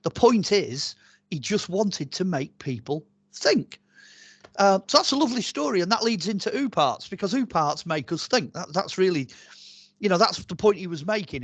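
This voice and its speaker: Brief: man, archaeologist guest, chatty rambling storyteller, higher voice, dry close sound. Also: breathy edge, no room sound. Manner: chatty and animated, rambling with many fillers and restarts. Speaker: archaeologist and author, interview guest. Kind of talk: casual interview storytelling.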